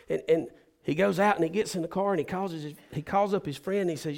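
Pastor preaching with animated storytelling. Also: male voice, fast talker. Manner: animated, acts out the people in his story with bursts of loud high pitch. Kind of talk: sermon storytelling.

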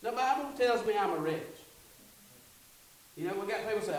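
A man's voice: high voice, expressive, moderate pace, long pauses. A male pastor preaching a sermon in call-and-response style, building to fervent peaks. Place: church sanctuary. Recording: echoey sanctuary from a distance.

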